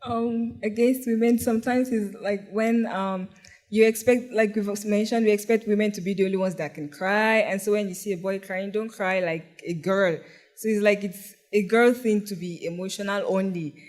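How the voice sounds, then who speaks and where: A man with an unusually high voice shares his view on a discussion panel. He is earnest and a little hesitant, stopping for fillers as he works through his example. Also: fairly even intonation, moderate pace, darkish tone. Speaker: panelist, teacher.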